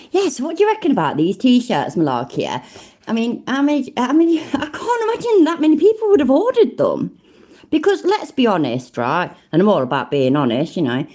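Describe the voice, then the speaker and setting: A woman's voice: medium pitch, dark tone. A woman with a British accent giving live reaction commentary, blunt, sweary and full of slang. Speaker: livestream commentator.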